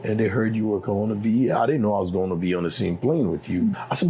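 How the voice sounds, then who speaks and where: A man's voice: on the low side, fast talker, dark tone, slight background noise, poor audio. A middle-aged man with a Liberian accent telling his story as an interview guest, acting out the dialogue with animation. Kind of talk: personal storytelling.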